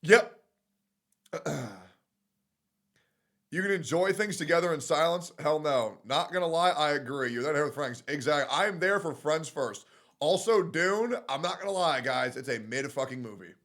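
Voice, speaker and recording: A man streaming live, ranting loudly and profanely, swinging between shouts and low mutters. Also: expressive, moderate pace. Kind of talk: ranting casual chat.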